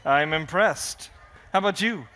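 This children's author has a fairly high, bright, forceful voice and reads at a measured pace. Performing his picture book for a family audience at a festival, he banters playfully like a showman.

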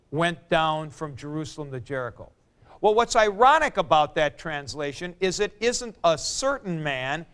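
A man teaching a Greek grammar class in a classroom, explaining slowly and calling on students by name. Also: fairly high pitch, fairly bright tone, clear, resonant tone. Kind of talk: classroom lecture.

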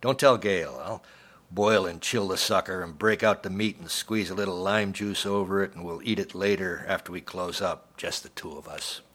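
A man's voice: low voice, normal speed, a bit bright. A man reading Noonan, crude leering cook. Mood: coaxing. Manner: blunt, crude, needling. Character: crude leering male restaurant cook, quick-tempered.

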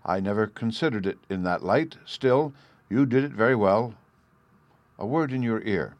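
A man doing a crafty, flattering official. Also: on the low side, moderate pace, dry recording, natural voice. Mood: sly. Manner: sly, flattering. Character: thin, crafty, mean male official.

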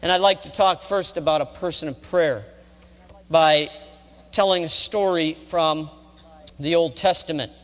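High-voiced man preaching in a chapel. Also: a little slow, long pauses. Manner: dramatic, vivid Bible retelling. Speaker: college chaplain. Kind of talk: sermon storytelling. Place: college chapel. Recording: reverberant chapel hall.

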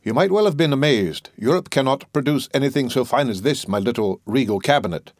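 A man's voice: medium pitch, no echo, clean studio sound, close to an everyday voice. A man voicing an eccentric wealthy host who swings from mocking laughter to musing cordiality in a storybook reading. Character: eccentric wealthy male host, theatrical and mercurial.

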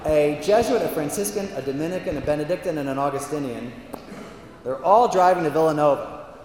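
A male priest in a big hall tells jokes in a chatty, animated style with plenty of fillers. His voice sits a bit high, and it rings with a long hall reverb over faint background ambience. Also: fairly quick, background noise. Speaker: priest speaker. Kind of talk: humorous talk with jokes.

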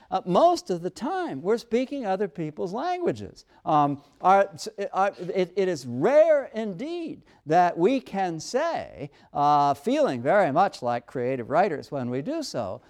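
A male university professor giving a lecture, thinking aloud with frequent restarts and pauses, and reading quoted passages aloud. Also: sits high, a little mellow.

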